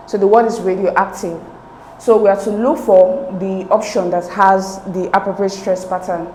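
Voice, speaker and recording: A woman's voice: mid-range voice, dark tone, roomy sound, a little hiss or hum, rough recording. A woman explaining exam questions step by step as a tutor, repeating key points.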